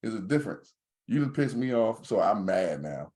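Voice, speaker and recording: A man's voice: lowish voice, moderate pace. A man co-hosting a podcast, in casual joking banter. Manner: joking, animated storyteller. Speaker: podcast co-host.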